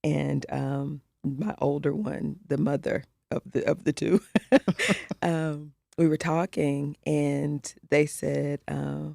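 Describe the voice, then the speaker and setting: A woman's voice: sits low, fairly even intonation, slow pace, creaky, darkish tone, no room sound, studio quality. A middle-aged woman co-hosting a podcast, telling a personal story in candid casual conversation and acting out the voices of the people she quotes. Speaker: podcast co-host.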